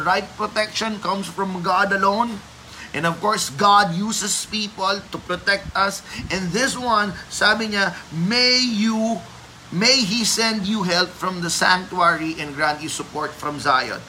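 A man with a Filipino accent giving a devotional prayer message as a pastor, slow and emphatic, letting his phrases trail off softly. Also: fairly high pitch, a little hiss or hum, low-quality recording. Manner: switches between English and Tagalog, slow and emphatic.

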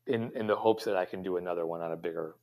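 A man's voice: low voice, very fast, highs cut off. Rambling, reflective middle-aged man. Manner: rambling, reflective, many fillers and restarts. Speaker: pastry chef guest. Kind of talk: conversational interview answers.

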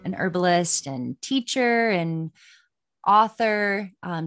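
A woman's voice: fairly low pitch, dry recording, studio quality. A woman hosting a podcast, earnestly welcoming her guest and asking the show's opening question. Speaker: podcast host. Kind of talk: scripted interview introduction.

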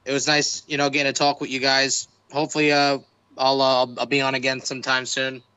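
A man speaks politely in a halting way, and his voice is bright and smooth. The sound is dry and a little dull. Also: medium pitch, completely flat delivery, dry recording. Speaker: podcast guest. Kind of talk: casual chat.

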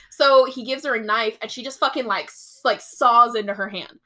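A woman's voice: on the high side, fairly even intonation, moderate pace, sharp tone. A young woman hosting a casual podcast, retelling a novel's plot with quoted voices and frequent swearing. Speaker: podcast host. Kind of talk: casual book recap chat.

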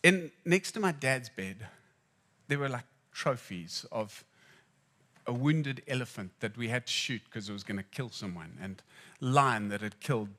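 A man from Zimbabwe preaching a sermon, telling personal stories and swinging between hushed and loud moments. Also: medium pitch.

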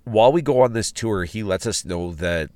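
Deep-voiced man recounting a trip. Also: lively intonation, moderate pace, a little mellow, no echo. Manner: rambling, with restarts and fillers. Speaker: podcast host. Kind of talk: casual spoken travel log. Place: outdoors at a ghost town site.

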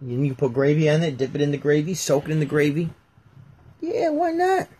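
A man hosting a casual chat, teasing and telling animated stories. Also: fairly high pitch, a little fast, husky. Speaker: podcast host.

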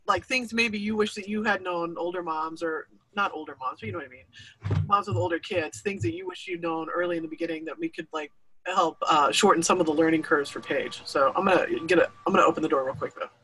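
A woman's voice: fairly low pitch, fast, a little hiss or hum, low-quality recording. A woman chatting casually and animatedly, acting out the noises she describes. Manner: animated, imitates sounds. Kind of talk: casual chat.

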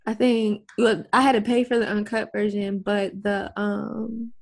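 A woman co-hosting a casual movie podcast, relaxed and amused. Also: medium pitch, measured pace, gravelly. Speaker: podcast co-host. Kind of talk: casual chat.

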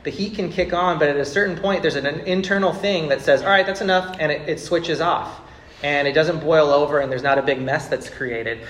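Guy pastor preaching, kinda high voice, chatty, repeats himself, church echo all around. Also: a little fast, fairly bright tone, slight background noise. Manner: conversational, repeats words, builds to emphatic outbursts. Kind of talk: sermon. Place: church sanctuary with congregation.

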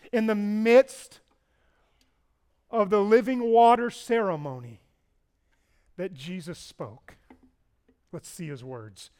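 A man preaching a sermon as a pastor. He swings between loud proclamations and quiet asides and asks the congregation questions. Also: high-pitched, clear, resonant tone.

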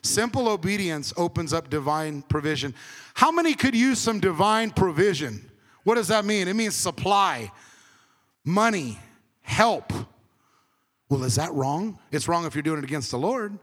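A man preaching a conversational sermon as pastor, swinging between emphatic and hushed. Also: high voice, animated, normal speed, long reverb tail.

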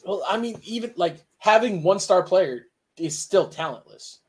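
A man's voice: high-pitched, animated, normal speed. A man co-hosting a sports podcast, arguing his points emphatically and repeating lines for effect in casual chat. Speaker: podcast co-host.

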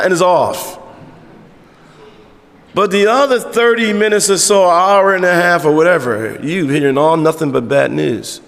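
A man's voice: high voice, a little slow, vocal fry, fairly bright tone. A man preaching a sermon to his congregation as their pastor, emphatic and conversational, with frequent rhetorical questions. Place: church sanctuary with congregation. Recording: long hall reverb in a church.

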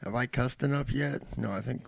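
A man's voice: medium pitch, a little fast, creaky, husky, no echo. A man co-hosting a podcast in casual chat, joking and rambling, often slipping into mock voices for laughs. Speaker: podcast co-host.

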